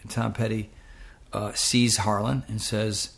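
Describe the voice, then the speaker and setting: A middle-aged man telling lively stories as an interview guest, acting out the voices of people he quotes. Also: lowish voice, unhurried, vocal fry. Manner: animated anecdote-telling, acts out quoted voices. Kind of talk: casual storytelling.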